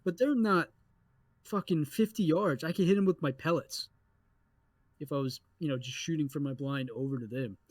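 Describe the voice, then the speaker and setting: A young adult man co-hosting a podcast, telling a story in a casual, animated way with lots of swearing. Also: a little high, normal speed, no room sound. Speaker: podcast co-host.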